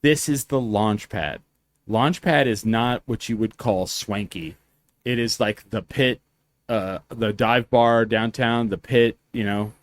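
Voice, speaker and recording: A man's voice: on the low side, takes it slowly. A man hosting a podcast, telling stories in a rambling, profane way and doing voices for the people in them. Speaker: podcast host. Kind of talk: casual chat, storytelling.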